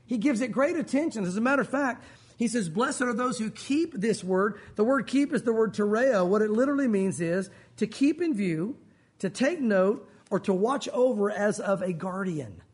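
Husky-voiced man preaching earnestly. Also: sits high, lively intonation, moderate pace, darkish tone. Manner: earnest, addresses listeners as guys. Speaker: pastor. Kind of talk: sermon.

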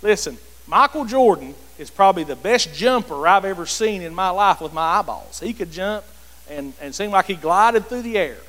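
A man's voice: sits high, lively intonation, moderate pace, fairly bright tone. A man leading a church Bible study in a preaching style, emphatic and repetitive, calling on listeners by name. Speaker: pastor leading a group discussion. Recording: reverberant hall.

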